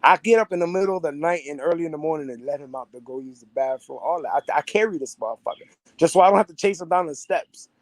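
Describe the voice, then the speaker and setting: A young man with a high voice chats straight to his viewers in a loose, streetwise, profane way, circling back to the same phrases. The sound is dry, with no room around it. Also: quick pace, no echo. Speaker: vlogger. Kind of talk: casual monologue to viewers.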